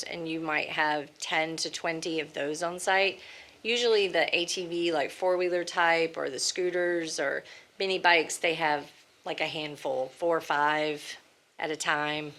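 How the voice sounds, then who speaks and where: A woman's voice: sits low, fairly bright tone. A woman testifying as a witness at a hearing, casual and hesitant, with many fillers. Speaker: applicant's witness. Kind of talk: answering questions at a hearing.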